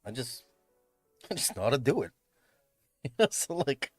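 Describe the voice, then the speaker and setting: A man's voice: medium pitch, sing-song, a little slow, darkish tone, no room sound, soft background music. A man chatting casually on a livestream from his room at home, rambling, swearing and laughing often. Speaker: livestreamer and event host. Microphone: streaming mic.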